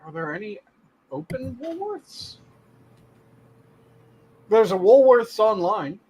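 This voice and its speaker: A man's voice: sits high, very animated, slow, darkish tone, slight background noise. A man co-hosting a podcast, chatting casually and explaining bits of trivia he looked up. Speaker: podcast co-host. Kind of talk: casual chat.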